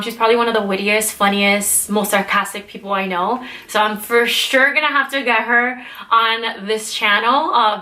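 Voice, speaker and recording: A woman's voice: medium pitch, bright, forceful tone. A young woman in casual vlog chat, talking in a rambling way with many filler "likes". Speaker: vlogger.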